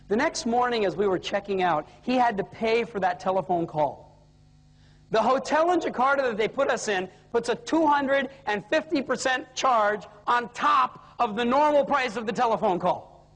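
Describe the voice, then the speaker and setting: High-voiced trainer guy, bouncy storytelling, big hall echo. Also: moderate pace. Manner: animated, comic storyteller. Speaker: sales and service trainer. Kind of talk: keynote storytelling. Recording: long reverb of a hall.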